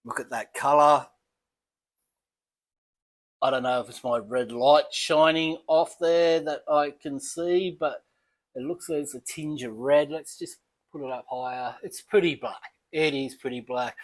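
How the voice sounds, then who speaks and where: An Australian man reviewing beer in a casual home vlog, chatty and relaxed, talking as he eats and drinks. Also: a little high, a little slow, pauses often. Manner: relaxed, chatty, thinking aloud while eating and sipping.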